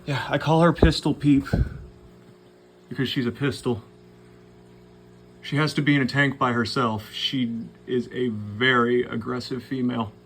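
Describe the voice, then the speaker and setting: A man's voice: mid-range voice, steady tone, a little slow, long pauses, a bit bright, a little hiss or hum. A man casually vlogging at home by his aquariums, rambling, swearing offhandedly and talking to his fish. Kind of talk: casual vlog chat.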